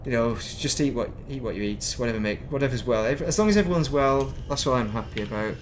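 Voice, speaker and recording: Streaming a game, this middle-aged man from northern England rambles along in a chatty, self-deprecating way. His pitch is squarely average for a man, his pace quick and his intonation lively, with a faint ambient hum in the background.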